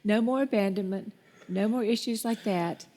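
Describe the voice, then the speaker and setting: A woman's voice: mid-range voice, normal speed, warm tone, a little hiss or hum. A woman hosting a Christian talk show, speaking with effusive, faith-filled encouragement.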